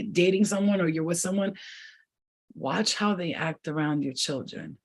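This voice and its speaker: A spiritual reader with a lowish, breathy-edged voice at normal speed gives her viewers an intuitive reading. She rambles and repeats herself, then turns blunt, profane and fiery.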